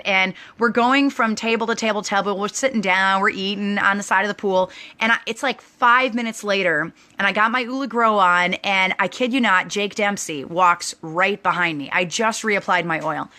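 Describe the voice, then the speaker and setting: A woman host telling a lively personal story to her online audience, bubbly and chatty with lots of likes and restarts. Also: mid-range voice, moderate pace, hardly any pauses.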